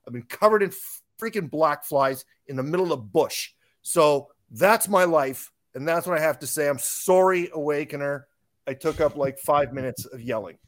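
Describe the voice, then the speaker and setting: A man's voice: on the high side, normal speed. A tired man, a business owner and podcast guest, ranting about politics with swearing and rising heat. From Canada.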